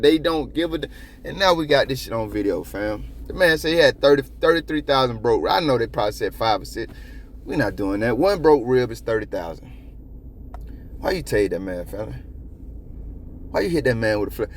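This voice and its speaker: A man's voice: mid-range voice, expressive, brisk. A man in casual commentary, loose and profane, rambling from point to point. His voice sits in a middling register but swings up and down as he gets worked up. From South Florida. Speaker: copwatch channel host.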